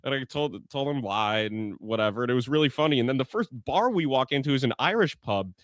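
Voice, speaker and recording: A man's voice: medium pitch, expressive, a little fast, no room sound, clean studio sound. An American man co-hosting a casual sports podcast, telling stories with lots of restarts. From United States. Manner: rambling storyteller with many restarts. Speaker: podcast co-host.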